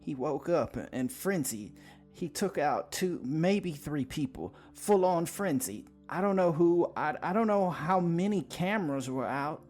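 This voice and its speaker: A man's voice: mid-range voice, lively intonation, slow, few pauses, a little mellow, husky, soft background music, pitched above the performer's own voice. A man voicing a panicked young female vampire who stammers and stumbles over her words. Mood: frantic. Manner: stammering, frantic.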